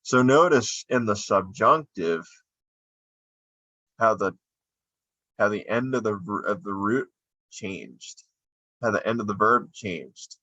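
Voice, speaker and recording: Slow, low-voiced man teaching a lesson. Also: sharp tone, no echo. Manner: unhurried, explaining while drawing on screen. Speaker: Spanish teacher. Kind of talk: screen-recorded lesson narration. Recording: dull lo-fi dry sound.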